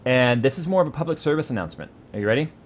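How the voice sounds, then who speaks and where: A man co-hosts a casual tech podcast, speaking in a medium-pitched, animated voice at a racing speed. He jokes around and reads an article aloud with playful, theatrical flair.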